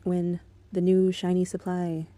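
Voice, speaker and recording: A woman's voice: on the low side, monotone, a little slow, warm tone, dry recording. A woman in an angry, profane monologue aimed at an ex-partner, bitter and contemptuous but controlled. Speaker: vlogger.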